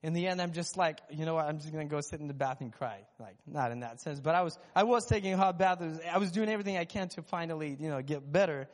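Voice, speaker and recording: A man's voice: fairly high pitch, fast, hardly any pauses, in a large hall. A worship leader, a man, sharing a candid, self-deprecating testimony with his church. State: recovering from lost voice. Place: church sanctuary.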